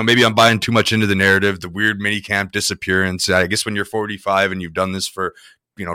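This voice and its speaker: A man's voice: lowish voice, bright, forceful tone, no echo, clean studio sound. A man co-hosting a sports betting podcast, talking casually and rambling with lots of fillers. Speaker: podcast co-host.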